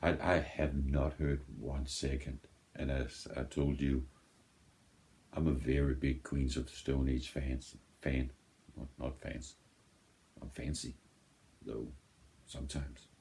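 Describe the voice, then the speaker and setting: A man casually chatting while unboxing a vinyl record, rambling and correcting himself in a slow drawl, a little high. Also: little pitch movement, a little mellow. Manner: rambling, stop-start, self-correcting. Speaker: music reaction vlogger.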